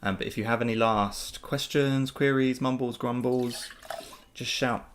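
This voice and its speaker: A man's voice: mid-range voice, measured pace, creaky, noisy background. A man hosting a casual live Q&A, talking in an easygoing, upbeat way that rambles with fillers and restarts. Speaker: channel host answering viewer questions.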